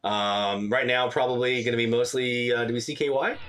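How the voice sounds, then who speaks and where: Casting: easygoing male live stream host, mid pitch, relaxed chatter full of uhs and ums. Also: moderate pace, clear, resonant tone. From Louisiana. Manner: relaxed, chatty, many fillers. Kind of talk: casual live stream commentary.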